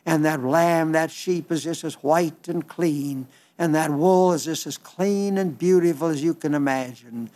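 A man's voice: on the high side, measured pace, few pauses, a little mellow. A man preaching a sermon, fervent and repetitive, with frequent restarts.

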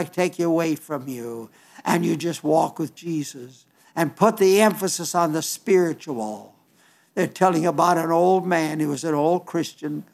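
High-voiced older man preaching earnestly. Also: a little mellow. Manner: earnest, folksy, repeats and restarts phrases. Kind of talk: sermon.

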